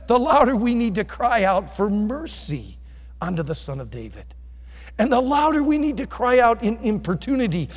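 Animated high-pitched male preacher, echoey hall. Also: a little slow. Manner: animated preaching, rising to loud cries and dropping low. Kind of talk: sermon. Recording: echoey hall with long reverb.

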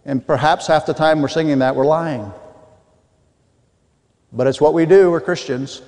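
A man's voice: a little high, moderate pace, a little mellow. A man preaching a sermon earnestly, reading old scripture aloud with frequent restarts. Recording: long hall reverb.

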